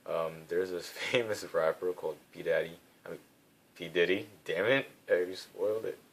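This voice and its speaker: Low-voiced young man rambling casually. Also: steady tone, moderate pace, vocal fry. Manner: rambling, filler-heavy storytelling. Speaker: vlogger. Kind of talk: casual chat. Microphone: phone.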